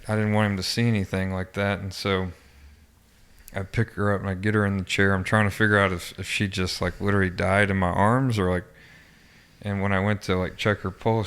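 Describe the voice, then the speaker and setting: Male podcast guest, low voice, monotone, halting recollection with restarts. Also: clear, resonant tone. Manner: halting, with frequent restarts and fillers. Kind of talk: personal recollection in an interview.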